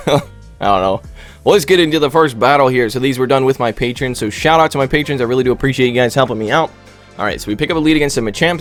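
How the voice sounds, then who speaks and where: Man, gameplay commentary, goofy and rambling, mid-pitched voice, soft music underneath. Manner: joking and rambling, with silly asides. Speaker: YouTuber commentating his online game battles.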